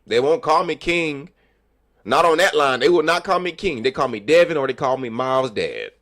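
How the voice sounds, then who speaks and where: A man livestreaming, telling animated, profane stories about work and acting out what people said. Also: medium pitch, normal speed, no room sound, studio quality. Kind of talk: casual storytelling chat.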